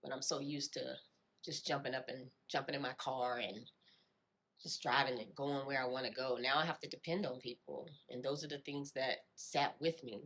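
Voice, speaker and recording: A woman telling her own life story in a reflective way, often repeating phrases and filling pauses with "you know". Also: extremely low pitch, fairly even intonation, fairly bright tone. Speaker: storyteller sharing her experience. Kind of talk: personal storytelling.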